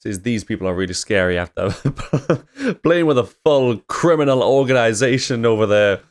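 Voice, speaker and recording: A man hosting a reaction video, commenting loudly between laughs. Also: mid-range voice, expressive, moderate pace, soft background music.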